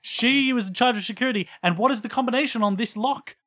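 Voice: medium pitch, quick pace, a bit bright. A tabletop game player talking in a theatrical, joking way. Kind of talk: casual game play.

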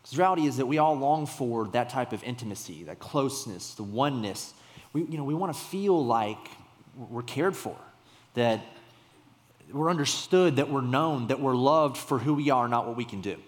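A man's voice: mid-range voice, animated, normal speed. A young adult man preaching a sermon, telling a personal story in a conversational way with sudden emphatic bursts. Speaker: pastor. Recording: long hall reverb.

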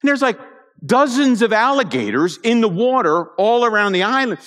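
A man preaching a conversational sermon, telling the story with animated asides to his congregation. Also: extremely high pitch, moderate pace. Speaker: pastor. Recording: long hall reverb.

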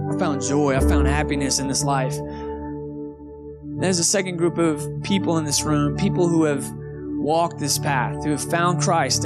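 Casual preaching man over loud guitar. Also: fairly high pitch. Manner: casual, conversational preaching with frequent "man" and "okay". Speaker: pastor. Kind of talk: sermon. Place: church sanctuary. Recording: live church recording with loud guitar behind. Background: soft guitar music.

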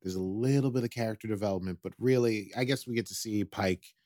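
Rambling lower-voiced man co-host. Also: quick pace, darkish tone, no echo, studio quality. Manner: rambling, with many ums and restarts. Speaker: podcast co-host. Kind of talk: casual chat about a TV episode.

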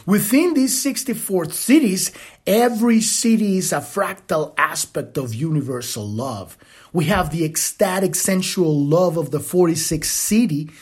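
A man's voice: high-pitched, a little mellow, breathy edge. A man hosting a podcast, giving an impassioned spiritual teaching monologue in a casual tone with blunt profanity. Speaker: podcast host.

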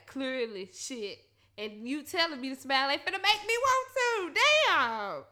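A woman delivers a loose, profane monologue of advice, laughing between lines. Her voice is bright and a little high, and she swings from easy talk to loud, animated ranting. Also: unhurried. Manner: blunt and profane, laughs often, rants animatedly. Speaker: solo talker giving advice. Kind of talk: casual monologue.

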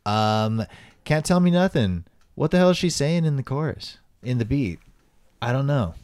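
A man's voice: medium pitch, lively intonation, normal speed, a little mellow, no room sound. A man co-hosting a casual podcast, playful and rambling, with many fillers. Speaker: podcast co-host. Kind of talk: casual chat.

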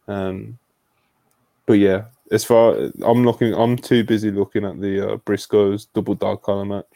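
A man's voice: on the low side, gravelly, dark tone, no echo. A man hosting a casual wrestling podcast, loose and laid-back, with lots of fillers as he reads messages and asks for scores. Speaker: podcast host.

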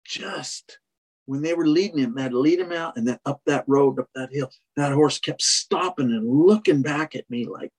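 A husky-voiced man who trains horses tells a long story in casual conversation. He speaks in a fairly high register for a man and rambles, starting over often and dropping in "you know". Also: lively intonation, normal speed, a little mellow.

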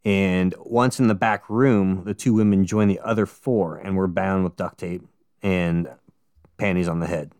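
A man with a low, smooth and resonant voice, recorded close and dry, hosts a casual true-crime podcast. He walks through the case in a relaxed way and throws in jokey, sweary asides. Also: unhurried, no room sound. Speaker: podcast co-host.

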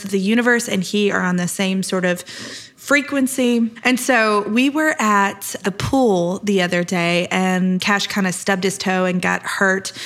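Woman podcast host, 30s, upbeat and chatty, laughs easily, mid-pitched voice. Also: a bit bright. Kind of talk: casual podcast monologue.

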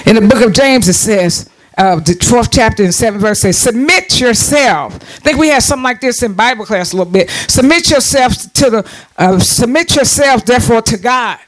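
A man preaching a sermon, calling out to the congregation for responses and rising into shouts. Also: extremely high pitch, lively intonation, a little fast, faint music behind.

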